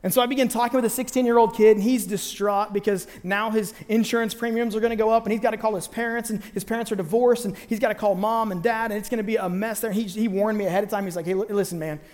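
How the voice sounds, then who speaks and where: Male preacher, high voice, storytelling sermon, lively and playful with quoted voices. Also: fast, hardly any pauses, long reverb tail.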